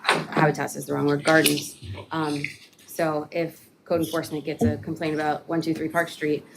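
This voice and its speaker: A very low-voiced city staffer briefs a committee on an ordinance, stumbling through frequent fillers and starting over often. Behind her halting explanation, a constant room hum can be plainly heard.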